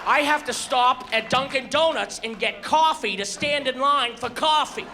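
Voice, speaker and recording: A man doing a stand-up comedy set on stage, exasperated and ranting, bursting into loud shouts before a live audience. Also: very high voice, moderate pace. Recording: live show with audience laughter and noise.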